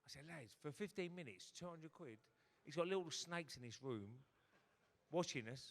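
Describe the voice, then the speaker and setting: A man's voice: a little high, expressive, moderate pace. A man, telling a swearing anecdote on stage in a hotel ballroom and acting out other people's lines. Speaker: guest former footballer. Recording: long reverb of a big hall.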